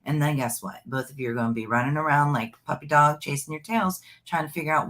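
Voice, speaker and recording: A woman's voice: sits low, fairly even intonation, fast, few pauses, fairly bright tone, slight background noise. A woman psychic giving a live online reading in a chatty, rambling way, and calling the listener "honey".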